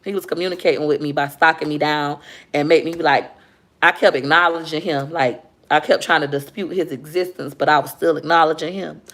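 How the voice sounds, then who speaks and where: A woman's voice: low voice, brisk. A young woman, chatting candidly with viewers on a casual livestream and reading their comments. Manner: chatty, candid, animated when retelling.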